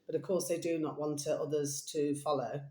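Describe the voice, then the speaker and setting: A woman's voice: low voice, fairly even intonation, a little fast, a little mellow, roomy sound. A woman chatting in a rambling, casual monologue, calling her listeners her little babies. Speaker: vlogger.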